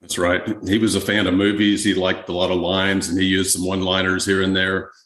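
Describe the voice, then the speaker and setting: Male guest historian, low voice, easygoing interview talk, echoey room. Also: a little fast. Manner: relaxed, conversational, many fillers. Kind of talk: podcast interview answers.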